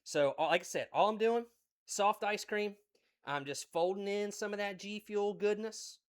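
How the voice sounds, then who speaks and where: An excited man from West Virginia with an Appalachian accent, chatting folksily on a cooking livestream. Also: sits high, moderate pace, clear, resonant tone. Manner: folksy and exuberant, repeats phrases.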